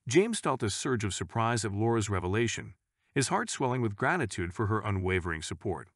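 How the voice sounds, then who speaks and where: A man reading a scripted story in a measured, even storytelling manner. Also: on the low side, no echo, studio quality. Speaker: narrator.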